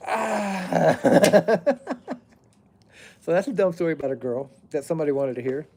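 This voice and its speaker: A middle-aged man with a fairly high voice spins a rambling, casual story outdoors by a fire. He drifts off track to say hello to viewers and then picks the thread back up. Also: rapid-fire, mellow. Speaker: plumber telling stories on a live stream.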